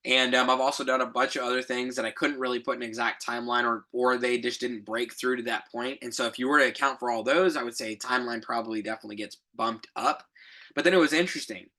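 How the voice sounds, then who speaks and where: A man's voice: mid-range voice, fairly even intonation, fast, pushed and bright. A young adult man hosting a podcast, telling a reflective story in a rambling casual way, with fillers, self-corrections and light laughs. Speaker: podcast co-host.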